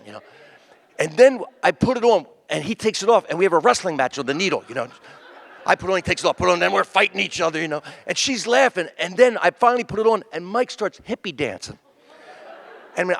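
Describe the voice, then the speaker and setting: Creaky-voiced comedian telling rambling stories onstage. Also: male voice, high voice. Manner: rambling, animated, acts out quoted voices. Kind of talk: stand-up storytelling at a memorial tribute. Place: stage in front of a live audience.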